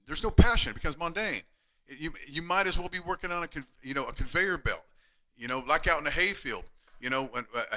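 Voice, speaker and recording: A man in his fifties, a chiropractor giving an earnest live-streamed talk to colleagues, emphatic with many restarts and going quiet and hushed when retelling patient stories. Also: fairly high pitch, low-quality recording. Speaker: chiropractor speaking to fellow chiropractors.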